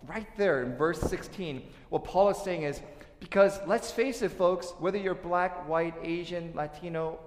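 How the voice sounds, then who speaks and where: A man preaching a sermon as pastor, telling stories and acting out quotes in a lively way. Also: high-pitched, measured pace. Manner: storytelling, lively asides and acted-out quotes. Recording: echoey hall.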